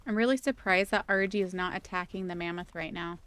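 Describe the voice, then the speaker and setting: A woman's voice: fairly low pitch, a little fast, fairly bright tone, smooth. A woman streaming a video game, chatting casually and playfully with her viewers and laughing often. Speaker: gaming streamer.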